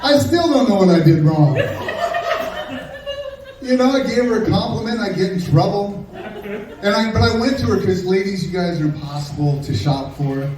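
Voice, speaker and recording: A middle-aged man doing a stand-up comedy set, telling sarcastic, deadpan stories about an ex and bantering with the crowd. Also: high-pitched, moderate pace. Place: comedy club stage. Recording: echoey live room from a distance.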